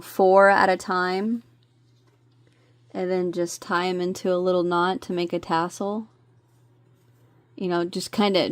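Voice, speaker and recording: A woman walks through a crochet pattern at an unhurried pace, stopping to count stitches softly and to add friendly asides. The sound is dry and close, with no room around it. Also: fairly low pitch, no echo. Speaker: crochet teacher. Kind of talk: step-by-step craft tutorial.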